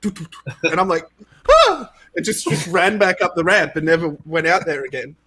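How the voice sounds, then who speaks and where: A man with a slightly higher voice, a game creator guesting on a podcast. He tells stories in an animated, chatty way, laughing often and filling his talk with "like". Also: fast talker, crowd noise. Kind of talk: casual storytelling.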